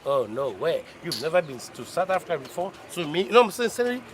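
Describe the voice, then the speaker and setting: A man's voice: a little high, sing-song, quick pace, noisy background, voice pushed up. A Nigerian man mocking a showy young man who fakes a foreign accent in an exaggerated way. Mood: show-off.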